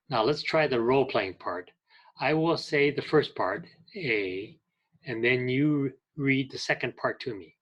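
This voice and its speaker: A medium-pitched, animated male voice comes through a low-quality recording. The speaker, an ESL teacher, slowly instructs an English class, reading example phrases about directions and clarification in a patient, deliberate way.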